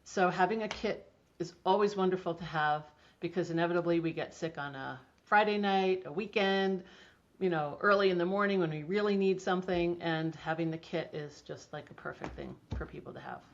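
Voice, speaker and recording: A middle-aged woman appears as a guest in a casual interview, speaking enthusiastically about homeopathy in a lowish, brisk voice. She's chatty and restarts often, and the lo-fi audio sounds dull.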